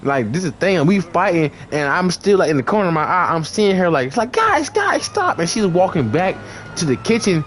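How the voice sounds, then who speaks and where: A man's voice: expressive, fairly quick, slight background noise. A young man telling a long story in casual chat, rambling with lots of fillers and acting out the people in it. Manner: rambling, heavy on fillers, acts out others in high voices.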